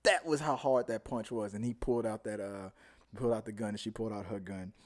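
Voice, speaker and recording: A man hosting a casual live-stream review, rambling and animated, often trailing off into mumbles. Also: lowish voice, fairly quick. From Houston, Texas area. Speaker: show host.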